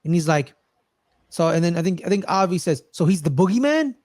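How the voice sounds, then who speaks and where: A man with a somewhat high voice co-hosts a casual movie review chat. He is animated and acts out characters' lines as he retells scenes. The sound is dry and close. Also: a little fast, no room sound. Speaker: podcast co-host.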